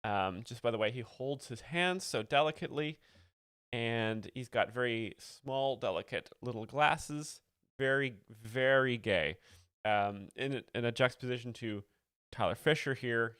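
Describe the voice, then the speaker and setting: A man hosting a livestream, explaining jokes in a mock-earnest, deadpan way with lots of fillers. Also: medium pitch, a little slow, smooth, no echo, studio quality. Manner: mock-earnest, reading chat, many fillers. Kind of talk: deadpan satirical commentary.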